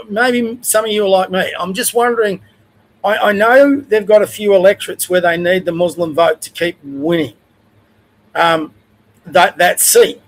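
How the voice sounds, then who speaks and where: A man's voice: sits high, poor audio. An older Australian man hosting a livestream, giving blunt, conversational opinions in a casual rant. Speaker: livestream host.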